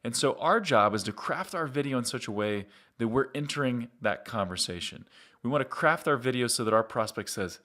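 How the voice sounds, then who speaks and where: Middle-aged male host, upbeat conversational tutorial delivery, mid-pitched voice. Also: expressive, fairly quick, a bit bright. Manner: upbeat, conversational, direct to viewer. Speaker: marketing agency host. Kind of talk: explanatory marketing tutorial.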